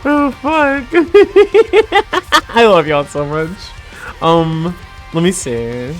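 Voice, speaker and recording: A woman's voice: medium pitch, lively intonation, extremely slow, soft background music. A woman from New Jersey with a New Jersey accent, a little tipsy, chatting casually on a livestream, laughing often and swearing freely.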